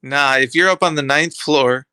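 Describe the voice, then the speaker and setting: A man's voice: medium pitch, normal speed, sharp tone, clear, resonant tone, no room sound, clean studio sound. A man hosting a live stream, chatting casually and rambling to his viewers in streetwise slang.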